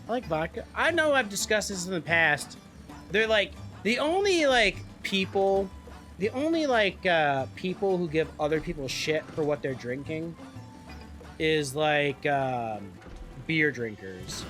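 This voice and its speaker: Young man, casual livestream chat, rambling, joking, fairly high pitch, animated. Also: unhurried, faint music behind. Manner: rambling, joking, swears freely. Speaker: streamer.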